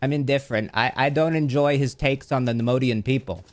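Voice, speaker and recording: A young man hosting a casual gaming livestream. He rambles and jokes with chat, with sudden excited outbursts. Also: medium pitch, brisk, no echo. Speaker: livestream host.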